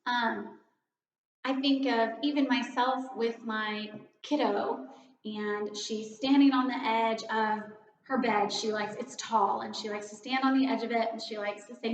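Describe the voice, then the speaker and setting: Woman, devotional talk, earnest, conversational, slightly high voice, echoey room. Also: unhurried, highs cut off. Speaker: children's ministry director giving a devotion.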